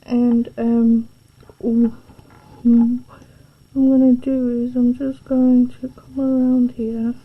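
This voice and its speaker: Slow, husky woman tutoring. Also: on the high side, flat delivery. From England. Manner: soft-spoken, drifting into half-whispered asides as she works. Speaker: art tutor. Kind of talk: drawing tutorial narration. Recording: dull lo-fi home recording.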